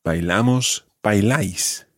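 A man's voice: fairly low pitch, no room sound, clean studio sound. A man teaching Spanish, patiently modelling verb forms and stress for a learner to repeat. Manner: patient, models pronunciation slowly. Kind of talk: language lesson drills.

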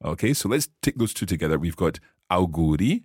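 A man's voice: deep voice, very animated, brisk, a little mellow, husky, dry recording, clean studio sound. A man hosting a podcast language lesson, explaining phrases in an upbeat, explanatory way. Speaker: language teacher and podcast host.

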